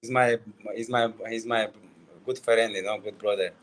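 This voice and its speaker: Man answering in halting non-native English. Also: fairly low pitch, steady tone. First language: not English. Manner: halting non-native English, short broken phrases, many "you know"s. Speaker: guest fighter. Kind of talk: casual interview answers.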